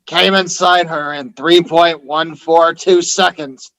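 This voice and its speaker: A man's voice: a little high, fairly even intonation, slow, a bit bright, low-quality recording. A man co-hosting a comedy podcast, reading joke tweets and telling crude jokes with plenty of swearing. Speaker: podcast co-host.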